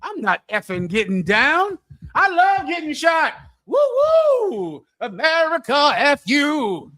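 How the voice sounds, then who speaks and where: Man impersonating a boastful, whooping tough guy, high and bright, loud. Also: very animated, measured pace, no echo, heavily acted. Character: brash thrill-loving tough-guy man.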